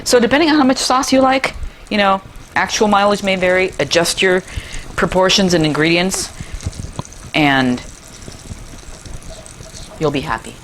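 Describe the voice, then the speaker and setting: A woman's voice: medium pitch, measured pace, pauses often, a bit bright, slight background noise. A middle-aged woman hosting a cooking show in her kitchen, chatty and enthusiastic, with playful asides as she demonstrates a recipe.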